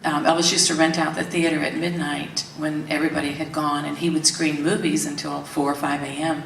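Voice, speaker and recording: Low-voiced woman telling a story. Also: fairly quick, gravelly. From Tennessee, US. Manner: animated, laughs often, acts out quotes. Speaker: interviewee. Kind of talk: candid storytelling interview. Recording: roomy, distant mic, faint background hiss.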